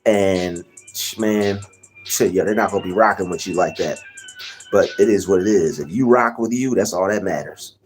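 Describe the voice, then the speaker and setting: A young man hosting a casual livestream, rambling and giving shout-outs to chatters by name. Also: low-pitched, normal speed, faint music behind. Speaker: livestream host.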